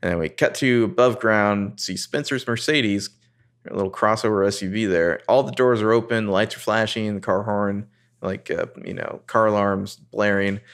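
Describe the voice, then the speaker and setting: A man co-hosting a casual podcast, recapping a TV episode and quoting the characters in excited voices. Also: normal speed, clear, resonant tone. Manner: animated, jumps into high voices quoting characters.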